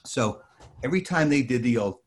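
An older man from New Jersey, a guest with the air of a born storyteller, tells a personal anecdote with lots of energy. His intonation is lively and his pitch swings widely as he talks fairly quickly and keeps slipping into other people's voices.

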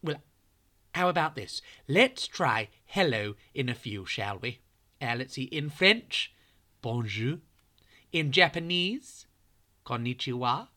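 A podcast host reads a true story to children, chatting playfully with the listeners between sentences. The voice is bright and clear, and the pitch climbs and dips with lively expression. The pace stays slow and unhurried. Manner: playful, talks straight to young listeners.

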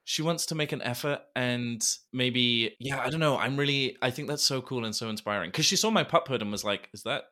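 A man hosting a podcast in casual chat, enthusiastic and quick to laugh, swearing freely. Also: mid-range voice, pushed and bright. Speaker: podcast host.

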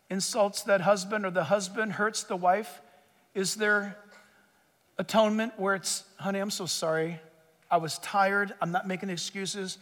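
A man preaching a sermon as pastor, impassioned, swinging from shouts to hushed asides and acting out quoted voices. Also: high voice, long reverb tail.

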